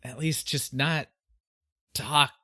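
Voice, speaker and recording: A podcast co-host chats casually at a mid pitch. They sound exasperated at times and laugh a lot. The talk is loose and conversational. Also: steady tone, slow pace, pushed and bright. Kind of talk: casual chat.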